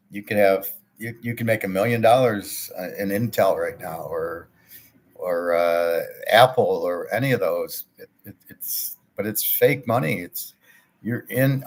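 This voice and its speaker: A man's voice: fairly low pitch, a little hiss or hum. A man telling a story in a casual monologue, blunt and ranting, swearing and repeating himself. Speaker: show host, self-described economist.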